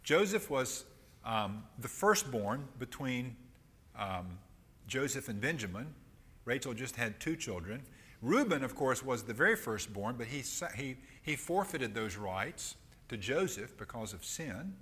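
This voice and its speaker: A middle-aged man reads scripture in a lively, rising and falling voice, then stops to explain it. The sound carries a long echo, as if he is in a large hall. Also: mid-range voice, breathy edge. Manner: reads King James verses aloud, pauses to explain. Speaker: Bible teacher. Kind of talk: sermon with scripture reading.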